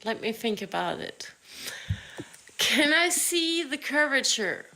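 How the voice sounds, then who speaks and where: A woman from France chatting as a guest on a live stream, halting and apologetic, often repeating words. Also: high-pitched, very animated, sharp tone. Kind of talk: casual live-stream chat.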